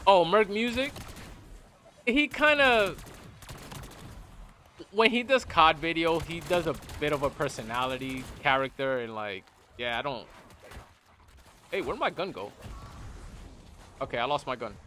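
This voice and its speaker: Animated blunt male gaming streamer. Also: on the high side, measured pace, pauses often, slight background noise. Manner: blunt, animated, repeats phrases. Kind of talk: casual opinion talk while gaming.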